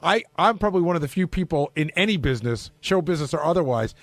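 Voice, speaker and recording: A man, a radio show producer, tells a backstage story quickly in studio banter and acts out both sides of the exchange. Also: a little high, animated, no room sound. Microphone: studio microphone.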